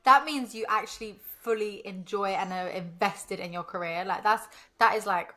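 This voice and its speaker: A young woman co-hosting a podcast in casual chat, with a squeaky voice, playful and swearing freely. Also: normal speed, bright, forceful tone. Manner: playful, swears freely, calls friend darling. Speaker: podcast co-host.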